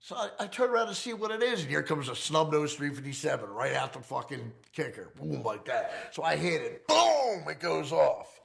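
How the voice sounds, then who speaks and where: A middle-aged man, telling his story in an interview in a profane, animated way. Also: a little high, brisk, creaky, hardly any pauses.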